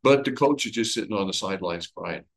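A man leading a conversational Bible study, retelling the story with lively everyday comparisons. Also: fairly low pitch, quick pace, vocal fry, low-quality recording. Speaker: Bible teacher.

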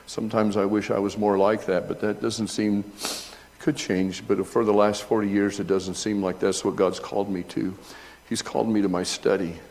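A middle-aged male pastor delivering a sermon in a fairly low-pitched voice. He talks conversationally to his congregation and reads from an old essay, then swells into loud, high-pitched emphasis when acting out scenes. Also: flat delivery, moderate pace, big-room sound, slight background noise. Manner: reads aloud from an old essay between remarks.

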